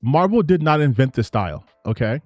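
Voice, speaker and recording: A man giving casual commentary on gaming clips, ranting in an excited, rambling way with frequent restarts. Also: mid-range voice, a little fast, no room sound, clean studio sound, soft background music.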